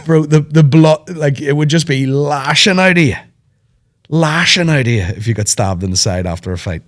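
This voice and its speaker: A man hosting a podcast, rambling in animated, sweary banter. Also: on the high side, moderate pace. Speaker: podcast host. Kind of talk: casual chat.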